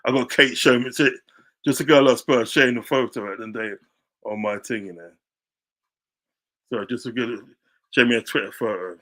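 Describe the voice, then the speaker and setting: A man ranting on a live stream about his football club. He is heated and combative, keeps repeating his lines, and now and then bursts into loud shouting. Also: mid-range voice, fairly even intonation, moderate pace, pauses often. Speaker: football fan vlogger.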